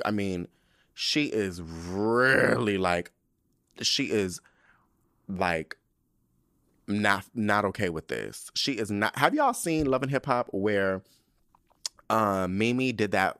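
A man recaps a TV episode in loose, animated, slang-filled talk, swearing freely and jumping in and out of voices. His voice sits on the low side, recorded close and dry with no room sound. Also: clean tone, dry recording. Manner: animated, profane, slangy storytelling. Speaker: podcast host. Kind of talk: casual TV recap commentary.

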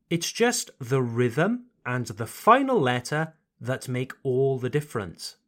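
A man teaching English pronunciation on a podcast, speaking slowly and carefully over-articulating words, with short French phrases mixed in. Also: a little high, fairly bright tone.

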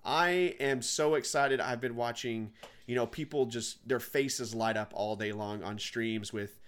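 A man's voice: mid-range voice, measured pace, a bit bright, smooth. A man co-hosting a gaming podcast, chatting with upbeat enthusiasm and now and then announcing segments to listeners. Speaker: podcast co-host. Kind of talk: casual gaming podcast chat.

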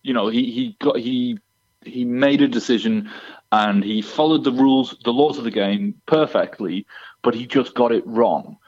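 A man's voice: mid-range voice, moderate pace, darkish tone. A man calling in to a podcast by phone, talking in a rambling, exasperated way with many restarts. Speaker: guest on the phone. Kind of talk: casual chat. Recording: dull phone line.

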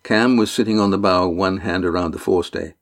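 A man narrating an audiobook chapter in a steady, measured reading. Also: low-pitched.

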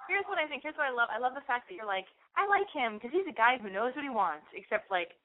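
A woman's voice: on the high side, sing-song, fast talker. A woman hosting an advice show, giving a caller frank, blunt advice and acting out sample lines. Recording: phone-like radio audio.

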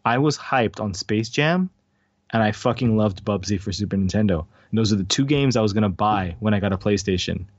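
A man's voice: lowish voice, animated, a little fast, dry recording. A man hosting a podcast in casual chat, joking around and laughing often. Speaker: podcast host. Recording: dull, dry recording.

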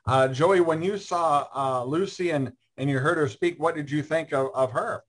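A man hosting a casual online show, friendly and halting with lots of fillers. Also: fairly high pitch. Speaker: host. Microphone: video call.

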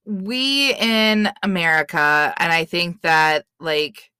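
A woman's voice: lowish voice, expressive, slow pace, bright, forceful tone, clean tone, no echo, clean studio sound. A woman co-hosting a podcast, giggly and blunt, swearing freely in casual chat. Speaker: podcast co-host.

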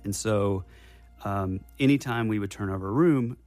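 A young man with a fairly low voice recounts a story casually, piling on details and circling back to restart his sentences. Faint music plays behind him. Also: moderate pace, darkish tone. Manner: rambling, detail-heavy recounting with many restarts. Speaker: podcast guest telling a personal story.

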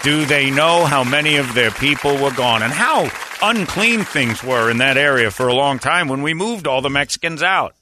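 A man's voice: medium pitch, normal speed, hardly any pauses, pushed and bright, a faint crowd, a little hiss or hum, close to an everyday voice. A man playing an elderly male baseball announcer with a folksy storytelling cadence, performing on a comedy stage. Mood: wistful.

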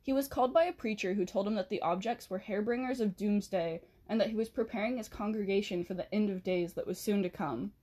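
A woman's voice: medium pitch, brisk, few pauses, warm tone. A woman hosting a podcast, narrating history in a casual way, with chatty asides and self-corrections, speaking into a handheld mic. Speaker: podcast host. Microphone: handheld mic she has to hold still.

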